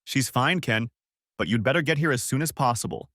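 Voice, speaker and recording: Here is a man playing a pushy, impatient woman friend who presses her point hard. Her pitch rises and falls in lively swings as she talks. The sound is dry and close, with no room around it. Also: fairly quick, dry recording. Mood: urgent. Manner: pressing, exasperated. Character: frantic female friend, insistent and blunt.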